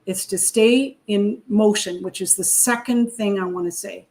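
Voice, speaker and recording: A woman from Canada speaks with motivational emphasis, stacking words into punchy lists as she preaches to her listeners. Her pitch is medium, and she pushes hard on her key phrases. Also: measured pace, darkish tone. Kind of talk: motivational interview talk.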